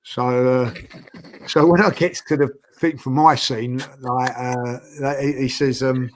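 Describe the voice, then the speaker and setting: An older man tells stories in a loose, rambling way. He circles back, repeats himself and leans on fillers as he goes. His voice sits at an ordinary middle pitch. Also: fairly even intonation, measured pace. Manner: rambling, many fillers and restarts. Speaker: podcast guest. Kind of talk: casual storytelling chat.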